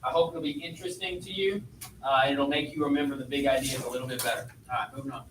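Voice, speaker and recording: A man's voice: mid-range voice, fairly even intonation, fast, a little hiss or hum. A man teaching a history class in a chatty lecture style, asking his students questions as he goes. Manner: conversational, asks students questions. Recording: echoey classroom, voice from far off.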